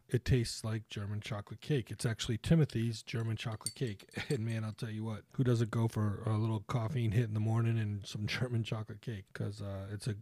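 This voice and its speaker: A man's voice: medium pitch, dark tone, dry recording. A man hosting a podcast in a casual, rambling way, full of fillers and asides. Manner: rambling, chatty, with many fillers. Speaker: podcast host. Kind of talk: casual chat.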